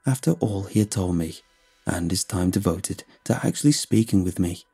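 Gravelly, husky man narrating horror. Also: lowish voice, dark tone. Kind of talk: scripted horror story narration.

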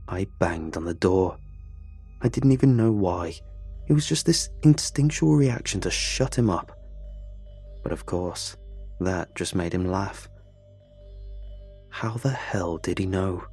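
A man narrating a first-person horror story with a low, husky voice. He tells it in a tense, confessional way, as if still shaken by it. Soft music runs quietly in the background. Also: lively intonation, slow, pauses often.

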